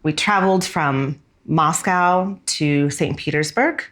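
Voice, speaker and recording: A woman in her forties with a low voice recalls her past in a candid, unhurried way. She is a fashion designer from the United States, and she often lingers on words that matter to her. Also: fairly bright tone. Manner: candid and reflective, often slowing down on key words. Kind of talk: reflective personal storytelling.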